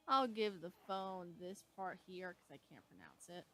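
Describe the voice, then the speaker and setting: A woman hosting a casual storytelling video, halting and stumbling as she reads her notes aloud. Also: on the low side, expressive, bright, forceful tone, poor audio. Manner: many fillers and restarts. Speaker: storytelling channel host. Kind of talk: casual spoken intro to a scary story.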